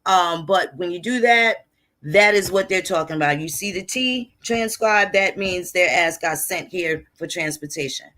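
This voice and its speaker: A woman's voice: lowish voice, normal speed, bright, forceful tone. A woman talks through old archive records in a loose, casual lecture. Her delivery is blunt and conversational, and she swears freely while explaining. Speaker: history channel host.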